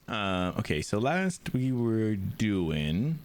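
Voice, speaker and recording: A man's voice: fairly low pitch, big pitch swings, slow pace, a little hiss or hum. A man streaming a video game, chatting casually and rambling with lots of restarts. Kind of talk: casual chat.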